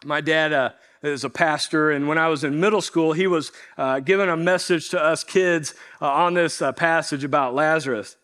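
A man with a fairly high voice delivers a sermon from the pulpit. He talks in an earnest storytelling way, leaning into key words and letting lines land slowly. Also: a bit bright. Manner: earnest storytelling preacher, slows for emphasis. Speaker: pastor.

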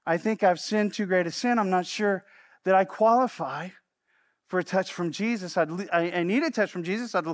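A hesitant churchgoer who doubts himself, as a high-voiced preacher puts him on. He stumbles and restarts, unsure he qualifies for grace. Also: close to an everyday voice. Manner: halting, hesitant, self-doubting. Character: doubting churchgoer who feels unworthy, adult.

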